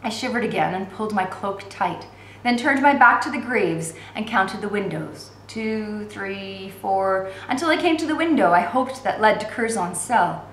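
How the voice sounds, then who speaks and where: A woman teacher reads a novel aloud, steady and expressive. Her voice is at an average pitch. The room adds a clear echo. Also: moderate pace, a little hiss or hum. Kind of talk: read-aloud narration.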